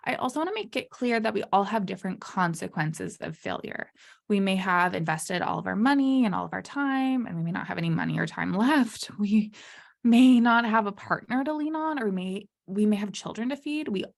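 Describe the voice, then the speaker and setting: A woman's voice: mid-range voice, expressive, brisk, gravelly. Candid, chatty woman podcast host. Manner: casual and candid, laughs through hard topics; chatty, many fillers like "you know" and "um". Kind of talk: solo podcast monologue.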